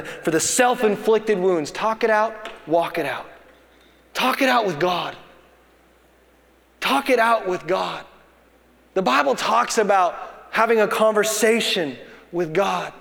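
A man's voice: sits high, vocal fry, a bit bright. A pastor in his thirties preaching a sermon, building to emphatic bursts and telling family stories. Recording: long hall reverb.

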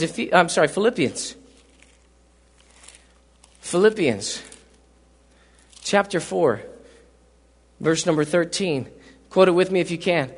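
A man preaching a fervent sermon as pastor, swinging from loud emphatic peaks to low asides and repeating words as he builds a point. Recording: live sermon with long hall reverb.

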